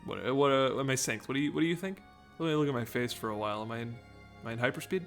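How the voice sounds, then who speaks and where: A man's voice: medium pitch, fast, soft background music. A man giving casual let's-play commentary, rambling, joking and breaking off his own sentences. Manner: rambling, joking, self-interrupting. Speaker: gaming video commentator.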